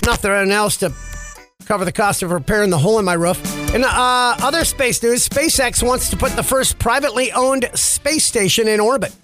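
High-voiced man hosting over clear music. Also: brisk. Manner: wry, sarcastic asides on the news. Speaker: podcast host. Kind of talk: radio-style news chat. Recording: music bed under the voice.

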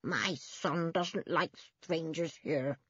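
A woman's voice: low voice, fairly bright tone, slightly rough, no room sound, lo-fi sound, heavily acted. A woman voicing a mumbling, witch-like old woman who is frightened and tearful, in a storybook reading. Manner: slow, mumbling, wailing.

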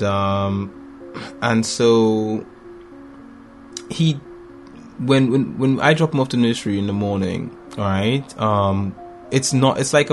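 A man in his thirties telling family stories in a casual chat, lively and acting out voices with laughter. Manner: animated storyteller, acts out voices with big pitch jumps and laughter.

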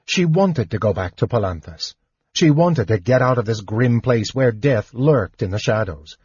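A man narrating a fantasy audiobook in a slow, measured way. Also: medium pitch, animated, a little mellow, slightly rough, muffled recording. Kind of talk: scripted narration.

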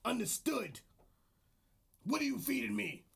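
A man co-hosts a comedy podcast in a growling put-on wrestler voice, throwing out profane, boastful trash talk. His voice sits high and gravelly, with a bright, husky edge. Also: big pitch swings, a little slow. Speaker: podcast co-host.

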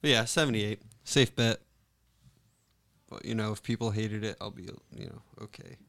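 A man in a casual podcast chat, easygoing and trailing off softly. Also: on the low side, steady tone, normal speed.

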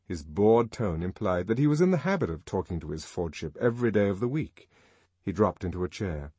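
Man reading an audiobook, low husky voice, lively up and down, dry close sound. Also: dry recording. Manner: measured, expressive reading. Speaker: audiobook narrator. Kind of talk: scripted narration.

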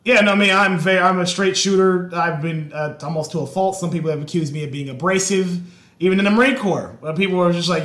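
Loud, profane young man hosting. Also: high voice, fast, reverberant. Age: 20s. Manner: profane, loud, talks off the cuff. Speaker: host. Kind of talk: casual podcast chat.

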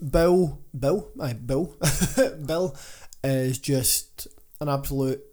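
A man's voice: medium pitch, very slow, mellow. A Scottish man co-hosting a podcast, telling stories in casual chat and laughing his way through them. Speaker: podcast co-host, gym owner.

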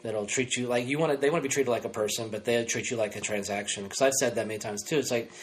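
A man's voice: mid-range voice, quick pace, a little hiss or hum. A man hosting a podcast, talking in a loose, rambling, self-mocking way in casual chat. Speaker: podcast host.

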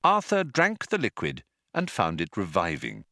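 A man narrating an audiobook in a dry, wry, unhurried storytelling manner. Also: sits low, huge pitch swings, bright, forceful tone, no echo.

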